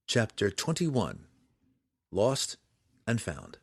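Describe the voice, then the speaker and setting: A man narrating a fantasy audiobook with a dramatic, expressive reading. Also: fairly low pitch, drawn-out words, creaky, slightly rough, no room sound, clean studio sound.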